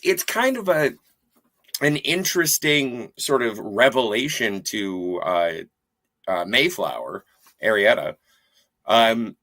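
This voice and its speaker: Animated bright-voiced man co-host. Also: mid-range voice. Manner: animated, reads viewer comments aloud. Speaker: podcast co-host. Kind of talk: casual chat on a livestreamed podcast.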